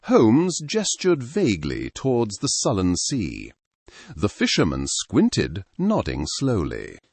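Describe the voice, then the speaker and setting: A man giving measured, literary storytelling as a scripted narration. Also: fairly low pitch, wildly swooping pitch, vocal fry, a little mellow, husky, dry recording.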